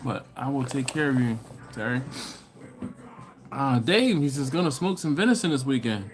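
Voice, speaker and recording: A laid-back man hosts a barbecue live stream in an easygoing, slangy way, greeting viewers with "what up" and chuckling between their comments. His voice sits at an ordinary middle pitch. He has a runny nose and stops now and then to cough. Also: expressive, moderate pace. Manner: laughs often between comments. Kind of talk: casual live-stream chat, reading viewer comments aloud.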